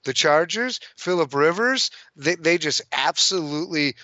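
A man giving a casual, excitable sports recap, ranting with fillers and restarts. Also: fairly high pitch, a little slow, no echo, lo-fi sound. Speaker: sports commentator.

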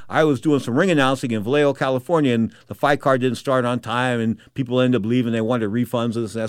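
A man's voice: mid-range voice, no echo. A middle-aged man telling boxing stories in a casual, emphatic monologue, often checking in with "okay?". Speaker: boxing commentator.

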